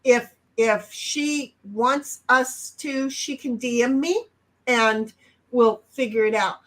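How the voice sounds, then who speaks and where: Casual livestream co-host, woman, high voice, brash, swears, sudden loud bursts. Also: slow pace. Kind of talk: casual chat.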